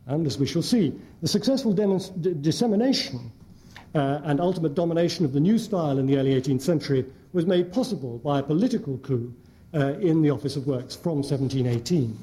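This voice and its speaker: Dark-voiced man giving a lecture. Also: fairly high pitch, lively intonation. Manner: measured, with frequent hesitant fillers. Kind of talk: academic lecture with slides. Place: lecture hall before an audience.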